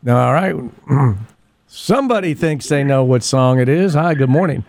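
A man's voice: medium pitch, lively intonation, measured pace, gravelly, a little mellow, no room sound. A man hosting a local radio morning show, reading the weather and ads and chatting with callers in a folksy, rambling way. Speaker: radio host.

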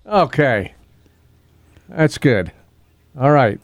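Speaking in a mid-range, sing-song voice with drawn-out words, a middle-aged man hosts a local morning radio show from a studio. His talk is casual, with frequent chuckles and moments of losing his place in his notes. The recording is dry.

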